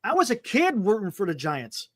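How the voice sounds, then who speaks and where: Male sports-talk co-host with a lively, swinging delivery and a bright tone; animated and exclamatory. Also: high voice, moderate pace, dry recording, studio quality. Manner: animated, exclamatory, calming others down. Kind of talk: casual sports chat.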